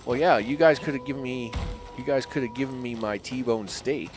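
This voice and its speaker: A game streamer casually narrates his live gameplay, talking to the in-game animals and complaining about his bad luck. His medium-pitched voice is very animated at normal speed, over noisy game ambience and vehicle sounds.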